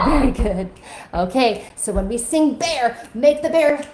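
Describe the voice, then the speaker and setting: A woman's voice: on the high side, lively intonation, a little slow, heavy background noise. A young woman teaching a kids' music lesson on a live stream, coaxing children to join in with motions. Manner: upbeat, coaxing, talks to kids with motions. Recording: echoey room with faint music.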